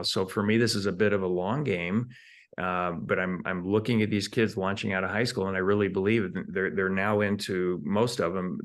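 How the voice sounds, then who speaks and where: Low-voiced man explaining step by step. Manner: explains in numbered steps, repeats words while thinking. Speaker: entrepreneur guest. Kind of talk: conversational interview.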